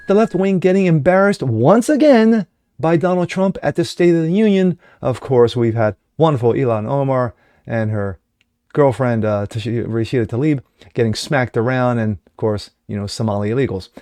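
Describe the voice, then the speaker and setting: A man hosts a daily political commentary show in a sarcastic, mocking way, and his voice rides up and down for effect. His voice sits a bit high for a man. The recording is close and dry, with no room sound. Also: darkish tone, dry recording. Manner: sarcastic and mocking, swings pitch for jokes. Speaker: host.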